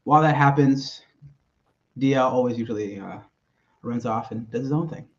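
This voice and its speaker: A man's voice: mid-range voice, normal speed, long pauses. Man, casual podcast host, easygoing, muffled lo-fi sound. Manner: laid-back, profane, laughs easily. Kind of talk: casual sports podcast chat.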